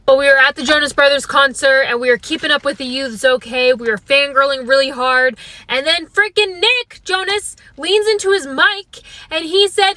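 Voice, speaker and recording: Bright, high-voiced young woman joking wryly. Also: normal speed. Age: young adult. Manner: wry, self-deprecating, slips into mocking voices. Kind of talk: comedic storytelling monologue.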